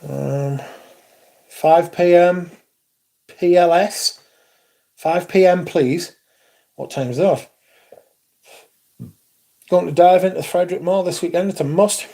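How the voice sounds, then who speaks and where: A British man hosting a casual livestream, chatty and excitable, swearing freely as he talks to his viewers. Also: high-pitched, takes it slowly, vocal fry, pauses often. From Britain. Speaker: livestream host.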